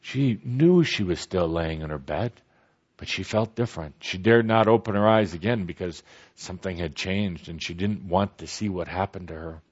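A man telling a story aloud in a slow, gentle way with pauses. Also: low voice, husky. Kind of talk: spoken storytelling. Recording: dull lo-fi recording.

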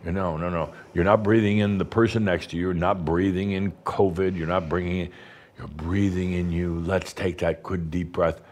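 A man, a spiritual teacher, guiding a group through deep breathing in a playful, teasing way with slow, emphatic phrasing. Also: fairly even intonation, darkish tone. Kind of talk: guided breathing talk to an audience.

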